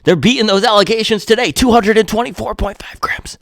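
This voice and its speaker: A man putting on a gloating, high-pitched shoe brand. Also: a little fast, vocal fry, fairly bright tone, no echo, studio quality. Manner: smug, gloating.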